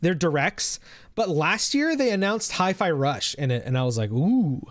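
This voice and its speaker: A male streamer talks off the cuff to his chat, rambling and dropping the odd swear word. His voice sits a little high for a man. The sound is dry and close, with no room in it. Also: sing-song, moderate pace, a bit bright, no echo. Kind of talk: casual live-stream reaction chat.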